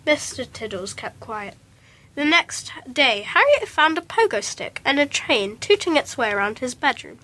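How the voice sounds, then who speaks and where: A woman reading a children's storybook aloud in an expressive, lilting storytelling manner. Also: sits high, moderate pace.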